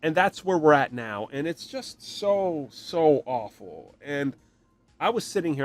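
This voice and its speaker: A man hosting a podcast, giving an animated, opinionated rant and mocking other fans in put-on voices. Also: on the high side, moderate pace, faint music behind. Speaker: podcast host. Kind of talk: opinionated solo commentary.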